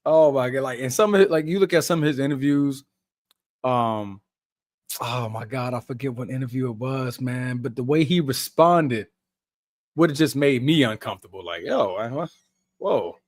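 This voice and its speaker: A man's voice: medium pitch, normal speed, no room sound, studio quality. A young man hosting a live basketball watch-along podcast, chatting casually in slang and laughing often. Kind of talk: casual live game reaction.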